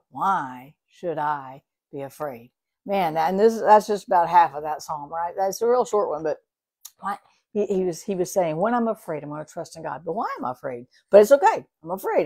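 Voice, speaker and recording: A middle-aged woman hosting a morning devotional, speaking earnestly and expressively, sometimes dropping to a soft whisper. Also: fairly low pitch. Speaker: devotional host.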